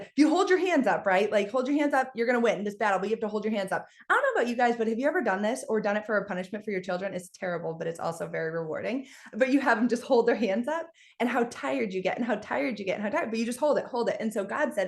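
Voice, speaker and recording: A fairly high-voiced woman talks to her team in a lively motivational style. She moves fast between stories and asides, energetic and animated throughout. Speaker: team leader speaking on a team call. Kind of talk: casual motivational talk with storytelling.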